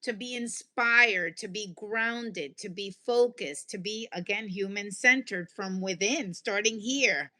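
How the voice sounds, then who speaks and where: A woman's voice: medium pitch, takes it slowly, few pauses, sharp tone. A woman hosting a podcast who affirms and sums up her guest's points in conversation. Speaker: podcast host. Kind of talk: conversational interview.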